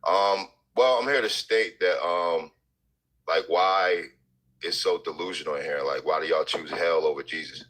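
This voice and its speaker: A very deep, husky-voiced man calls into a live discussion. He sounds combative and accusatory, and he talks in a loose, casual dialect. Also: normal speed, fairly bright tone, poor audio. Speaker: caller. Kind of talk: confrontational call-in.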